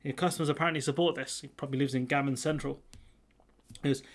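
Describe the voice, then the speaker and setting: Young male host, sarcastic casual commentary, slightly high voice. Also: brisk. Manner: sarcastic, mocking, conversational.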